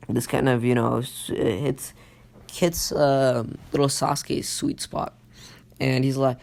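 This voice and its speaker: A man's voice: medium pitch, steady tone, slow pace, gravelly, a little mellow. A young man casually improvising a fan story, rambling with lots of fillers and self-corrections.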